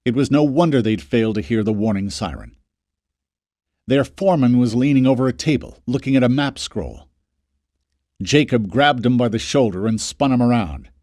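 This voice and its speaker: Male audiobook narrator, lively pitch, dry close studio sound. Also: moderate pace, dry recording. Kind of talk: scripted narration.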